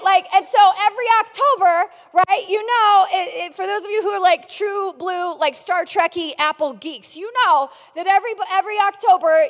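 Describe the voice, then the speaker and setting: A woman pastor preaching from a large church stage with a high voice. She moves between earnest prayer and playful, chatty teaching. A long reverb hangs behind her words. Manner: soft and earnest in prayer, lively and joking in teaching. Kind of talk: sermon.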